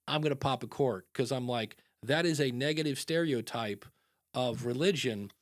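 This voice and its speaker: A man hosting a podcast in casual chat, animated and acting out quoted voices. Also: mid-range voice, moderate pace, dry recording, studio quality. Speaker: podcast host.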